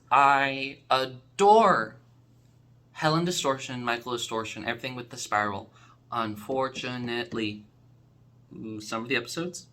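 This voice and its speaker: A man's voice: medium pitch, sharp tone. A man casually reviewing episodes of a podcast, enthusiastic and rambling, full of fillers and restarts.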